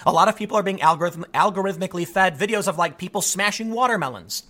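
A man's voice: high-pitched, fast, bright, forceful tone. A man delivering a solo political commentary monologue, reading quotes aloud and breaking in with sarcastic, emphatic asides.

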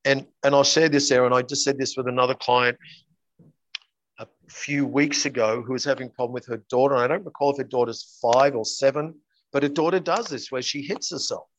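A coach appears as an interview guest, telling stories earnestly and acting out their dialogue. His mid-range voice has fairly even intonation and a fairly quick pace, and the audio is dull.

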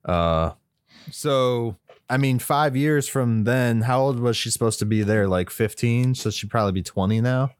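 A man co-hosting a casual talk about a movie, relaxed and swearing often. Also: medium pitch, normal speed, clean tone. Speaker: podcast co-host.

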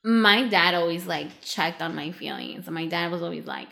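A woman's voice: fairly low pitch, normal speed, gravelly, hardly any pauses. A young woman co-hosting a casual chat, talking in long rambling runs full of "like" and acting out what other people said. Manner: rambling, filler-heavy, animated quoting of others.

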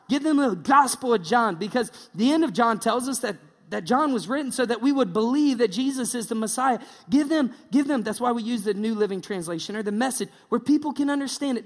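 A man's voice: high-pitched, long reverb tail. A male pastor preaching a casual, joking sermon, slipping into mocking impressions.

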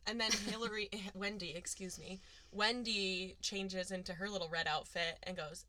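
A woman's voice: medium pitch, steady tone, moderate pace, sharp tone, dry recording. A woman co-hosting a podcast in casual, chatty conversation, giggling and full of fillers. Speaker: podcast co-host. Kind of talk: casual chat.

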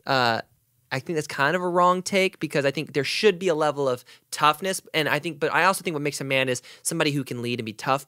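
A man's voice: a little high, sharp tone, smooth, no echo, clean studio sound. A man co-hosting a podcast, talking earnestly in a casual, rambling way with plenty of fillers. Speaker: podcast co-host. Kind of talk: casual chat.

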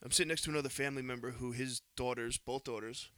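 A man's voice: mid-range voice, fast, clear, resonant tone, no echo. A man casually telling a heated, profane story on a podcast, close to the mic. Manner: animated, profane, heated retelling.

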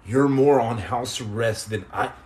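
A man hosting a casual live podcast, joking and teasing viewers in slangy talk that drops into low mutters. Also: unhurried, a little mellow. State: on house arrest. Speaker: podcast host reading live chat. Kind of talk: casual live-stream chat.

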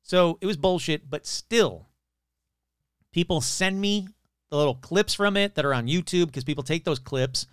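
A man's voice: a little high, normal speed, fairly bright tone, clear, resonant tone, no echo. A man hosting a casual podcast, telling stories with swearing and sarcastic, skeptical asides into a close mic. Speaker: podcast host.

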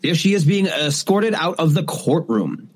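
Guy on a true crime podcast w lively swingy voice, dark jokes, slightly high. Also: measured pace, breathy edge. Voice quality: joking, crude asides. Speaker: podcast co-host. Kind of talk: casual true crime chat.

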